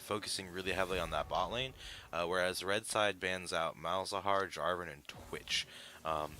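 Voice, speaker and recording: A man's voice: deep voice, sharp tone. A man giving live esports analysis, explaining picks at length with frequent "uh" fillers. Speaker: esports caster.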